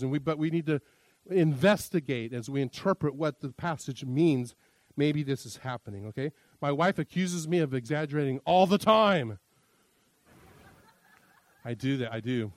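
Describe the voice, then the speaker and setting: A middle-aged male pastor with a medium-pitched voice teaches a sermon on interpreting scripture, recorded with no echo. His style is conversational and jokey, and he acts out quoted lines.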